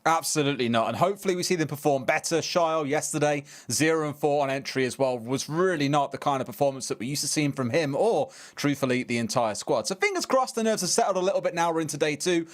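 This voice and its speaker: A young male esports caster with a lilt and a slightly raised voice. He banters and mocks himself, then moves into a quick, confident match preview. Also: a little high. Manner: jokey, self-mocking, then brisk match preview. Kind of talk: play-by-play casting banter.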